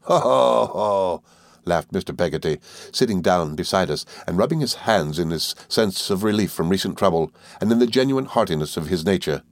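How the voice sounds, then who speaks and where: A man reading a classic novel aloud as narrator, in a measured storytelling manner. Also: low voice, expressive, no room sound.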